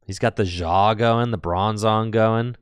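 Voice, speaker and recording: Male stream commentator, chatty and joking, clear smooth voice with no room sound. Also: fairly low pitch, fairly even intonation, a little slow, no room sound. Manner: chatty and playful, laughs often, answers chat. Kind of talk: casual live-stream commentary.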